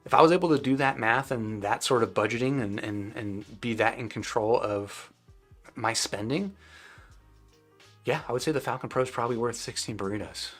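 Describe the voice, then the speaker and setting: A man's voice: medium pitch, moderate pace, a bit bright, faint music behind. A man hosting a live stream, casually answering viewers' chat questions with loose, rambling talk full of fillers and restarts.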